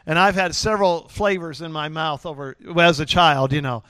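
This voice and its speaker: Middle-aged preacher guy, chatty and jokey, punchy voice, slightly high. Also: steady tone, normal speed, sharp tone, smooth, no echo, clean studio sound. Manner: folksy, joking, lots of fillers. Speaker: pastor. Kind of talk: sermon.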